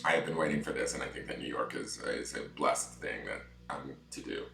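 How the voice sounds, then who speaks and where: Very deep-voiced man, chatty livestream. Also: fairly quick, creaky, sharp tone, reverberant, soft background music. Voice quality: deep morning voice. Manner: chatty, reads viewer comments aloud. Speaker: tarot reader. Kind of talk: livestream chat and guided breathing meditation.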